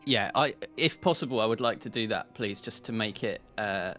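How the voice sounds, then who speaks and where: A man's voice: lowish voice, moderate pace, sharp tone, soft background music. A man playing in a tabletop game, mischievous and hesitant. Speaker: player.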